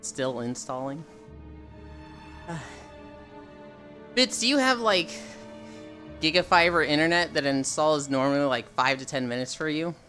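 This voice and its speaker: Young streamer rambling to chat on a desk mic, swears a lot, faint music behind, mid pitch. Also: unhurried, pauses often. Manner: relaxed, rambling, swears freely, answers chat. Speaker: livestreamer chatting with viewers. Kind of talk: casual live-stream chat.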